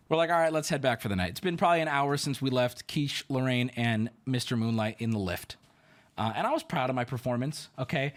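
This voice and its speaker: Animated man telling a wild story. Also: a little high. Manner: animated, exclamatory, swears. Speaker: streamer. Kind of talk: casual storytelling.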